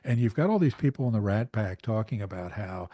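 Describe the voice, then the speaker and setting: A man's voice: fairly low pitch, expressive, fairly quick, mellow. A man co-hosting a podcast, chatting casually in a rambling way with many fillers and restarts. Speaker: podcast co-host.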